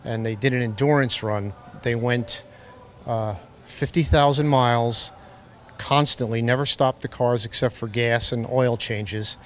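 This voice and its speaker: A man's voice: medium pitch, measured pace, slight background noise. Matter-of-fact male car owner. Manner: relaxed, matter-of-fact storyteller. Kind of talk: interview guest storytelling. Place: outdoor car show.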